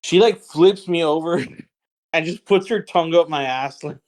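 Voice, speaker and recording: A man from the Rio Grande Valley in Texas, co-hosting a comedy podcast in an average, mid-range voice. He tells a story in a laid-back, halting way, easing in with fillers. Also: on the high side, darkish tone. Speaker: podcast co-host.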